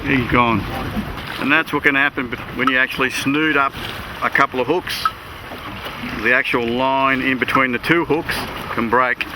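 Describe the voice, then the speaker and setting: A man with an Australian accent hosting a fishing show from a small boat, chatty and excitable. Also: medium pitch, moderate pace. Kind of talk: casual on-water commentary. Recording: outdoor boat noise.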